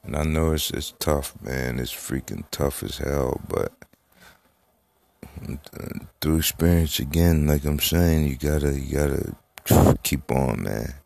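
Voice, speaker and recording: Very deep gravelly rambling podcast man. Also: takes it slowly, dark tone, no echo. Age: adult, has a daughter. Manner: rambling, profane, laid-back. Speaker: podcast host. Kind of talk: casual solo podcast talk.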